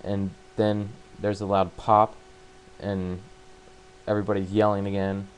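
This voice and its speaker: A man casually retelling a book's plot, halting and full of fillers and restarts. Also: on the low side, completely flat delivery, a little hiss or hum, low-quality recording. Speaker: book summarizer.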